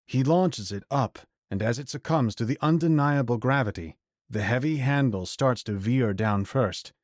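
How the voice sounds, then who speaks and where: A man narrating a fantasy audiobook in a measured, even storytelling voice. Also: medium pitch, dry recording, clean studio sound.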